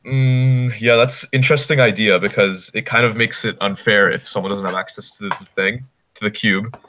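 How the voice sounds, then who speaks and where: A man's voice: fairly low pitch, fairly even intonation, normal speed, sharp tone. A man chatting casually and thoughtfully on a live stream.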